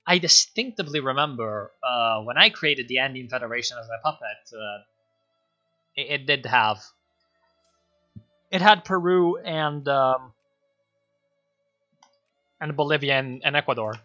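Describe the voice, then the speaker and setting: A man streaming a strategy game, excitable, swearing and laughing as he comments on his moves. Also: medium pitch, a little slow, pauses often, highs cut off, soft background music.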